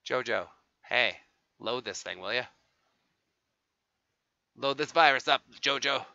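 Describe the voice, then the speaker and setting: A man giving excitable live gameplay commentary as a streamer, swearing and taunting other players. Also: medium pitch, slow pace, gravelly, no room sound. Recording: dull lo-fi stream audio.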